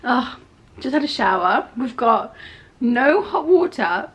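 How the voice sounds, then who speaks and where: A woman in her twenties chatting casually for her vlog in her student flat, full of "like" fillers, her throat a little rough from a cold. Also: a little high, slow, a little hiss or hum. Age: 20s. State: slightly ill, throat rough. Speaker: vlogger.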